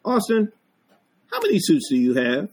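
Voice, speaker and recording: A man hosting a podcast who asks casual interview questions and adds friendly, quick interjections. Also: sits high, wildly swooping pitch, breathy edge. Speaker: podcast host.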